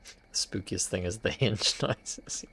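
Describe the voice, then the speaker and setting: A man's voice: lowish voice, slow, gravelly, fairly bright tone, a little hiss or hum. A man streaming a game, giving wry, playful commentary to his chat as he explores. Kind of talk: casual gameplay commentary.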